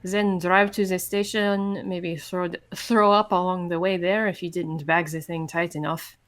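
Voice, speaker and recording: A woman's voice: lowish voice, fairly even intonation, moderate pace. A woman streaming a video game with friends, reading the game text aloud and laughing often in casual chat. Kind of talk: casual let's-play chat.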